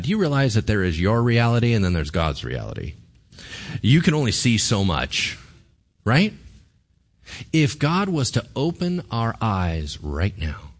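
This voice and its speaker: A man preaching a sermon in a church, telling stories animatedly and putting questions to the congregation. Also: fairly low pitch. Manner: animated, asks the audience questions. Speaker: pastor.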